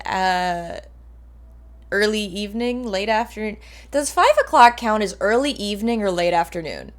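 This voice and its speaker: A woman in her twenties chatting casually on a livestream, rambling and playful, swearing now and then. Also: mid-range voice. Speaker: streamer.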